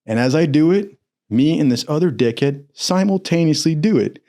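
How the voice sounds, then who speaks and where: A man telling a comic story in a casual, profane, animated way. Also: on the high side, normal speed.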